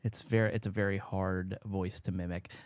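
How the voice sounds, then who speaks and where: A man from the USA hosting a casual podcast chat, upbeat and jokey, often trailing off quietly at the ends of his sentences. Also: low voice, little pitch movement, normal speed, no room sound. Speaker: podcast host. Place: home studio, Long Beach, California. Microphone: podcast mic.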